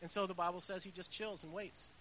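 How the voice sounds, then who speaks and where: A man's voice: sits high, level tone, fast, sharp tone. A man preaching a sermon as pastor, conversational with swelling emphasis, on a dull recording with faint hiss.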